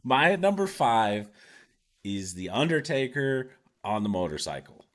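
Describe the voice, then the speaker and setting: A man's voice: mid-range voice, very animated, measured pace. A man co-hosting a casual wrestling chat, speaking earnestly and a bit hesitantly. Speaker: podcast co-host.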